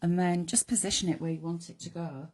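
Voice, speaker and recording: A woman with a croaky voice hosting a live card-making demonstration, chatting in rambling asides to her viewers. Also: lowish voice, fairly even intonation, fairly quick, darkish tone. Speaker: crafting host.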